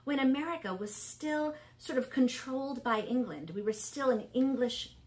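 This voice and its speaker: A middle-aged woman teaching an online music lesson to young children, encouraging and clear. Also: sits high. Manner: bright, encouraging, speaks slowly and clearly to kids.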